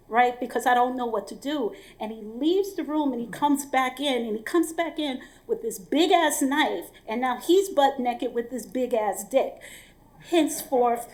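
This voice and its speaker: A woman's voice: on the high side, darkish tone. A woman telling a personal story on stage at a live event in a casual, candid way, full of fillers and repeated words.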